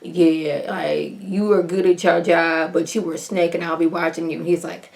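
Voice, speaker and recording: An animated woman talks through a TV episode in a loose, folksy way. She keeps jumping into the characters' lines, her voice shooting up high for the reactions. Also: moderate pace, vocal fry. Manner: folksy colloquial talk. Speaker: TV recap vlogger. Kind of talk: casual episode recap.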